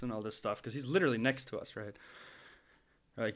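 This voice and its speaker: A man's voice: mid-range voice, fairly quick. Laughing young man telling a story. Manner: animated, laughing often, many restarts. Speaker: podcast co-host. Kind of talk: casual storytelling chat.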